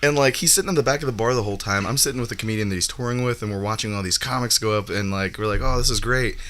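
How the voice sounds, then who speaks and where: A man's voice: lowish voice, very fast. A young man on a casual comedy podcast, telling a story with lots of laughter and acted-out quotes. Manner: animated, laughs often, acts out quotes. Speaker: guest comedian.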